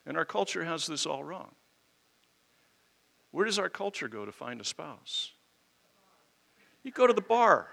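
Male preacher, bright and fairly high, emphatic and conversational, leans on rhetorical questions. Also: sing-song, a little slow, creaky, long pauses. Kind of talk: expository sermon.

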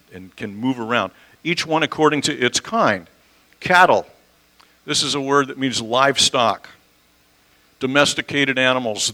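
A pastor in a church sanctuary preaches an expository sermon, keeping it conversational and putting questions to his listeners. His voice sits at a medium pitch with a sharp tone. The recording quality is low.

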